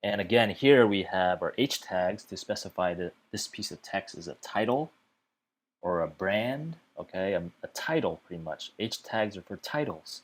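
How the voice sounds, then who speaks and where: Guy with a low voice doing a chill coding tutorial, says okay a lot. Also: lively intonation, normal speed. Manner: chatty, fills gaps with okay and uh. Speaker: web development tutor. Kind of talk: casual explainer lesson.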